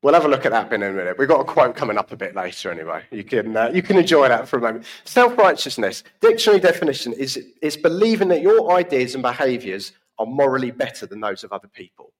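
A man's voice: medium pitch, big pitch swings, quick pace, hardly any pauses. A man giving a conversational sermon in a church service, often asking the congregation questions. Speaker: preacher.

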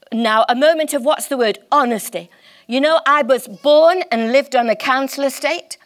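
A woman preaching a sermon in church, impassioned and emphatic, slowing down to stress key words. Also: sits high.

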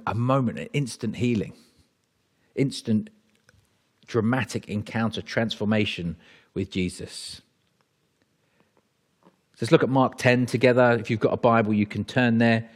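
Low-voiced man preaching. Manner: conversational, with frequent restarts. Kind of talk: sermon.

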